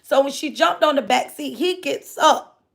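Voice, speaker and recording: A woman's voice: high voice, normal speed, vocal fry. A grown woman telling a personal story to her viewers in a rambling way, repeating herself and talking right to them. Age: adult. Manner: rambling, repeats phrases, often addresses listeners directly. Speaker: livestreamer reading viewer comments.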